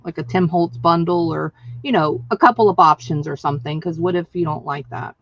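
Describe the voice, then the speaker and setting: A woman hosting a casual craft livestream, chatty and excitable, laughing often and reading out viewer names. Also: on the low side, fairly quick. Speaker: craft channel host. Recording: dry, dull lo-fi sound.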